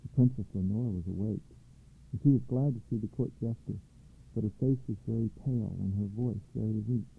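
A man narrating a children's story aloud in a measured, clear way, over a tinny line. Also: fairly low pitch. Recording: tinny phone-like line, dry.

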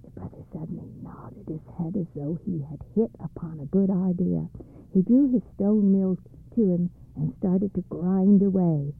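Gravelly storybook narrator on a thin line. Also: mid-range voice. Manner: measured, expressive reading. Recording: dry, phone-like narrow band.

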